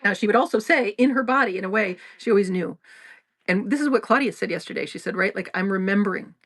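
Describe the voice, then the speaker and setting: A woman's voice: mid-range voice, fast talker, fairly bright tone, slightly rough. A woman podcast host explaining ideas in casual talk, often restarting sentences and laughing as she goes. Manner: rambling, with frequent restarts and laughter.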